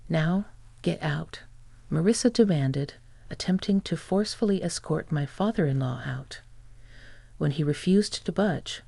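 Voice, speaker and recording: A text-to-speech woman narrating a scripted story in an even, flat reading. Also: sits low, normal speed, vocal fry, husky, no echo.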